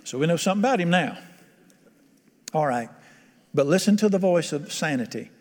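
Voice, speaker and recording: A man's voice: on the high side, lively intonation, a little fast, a little mellow, long reverb tail. A man preaching a sermon to a congregation, conversational and often quizzing his listeners. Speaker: pastor.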